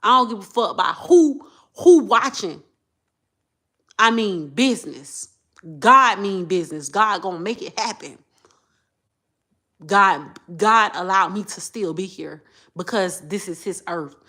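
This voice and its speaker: Woman, vlog rant, repetitive, shifts from muttering to shouting, mid pitch. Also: expressive, measured pace, long pauses. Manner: impassioned, repetitive, swings between low muttering and loud outbursts. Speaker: vlogger. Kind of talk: emotional monologue to camera.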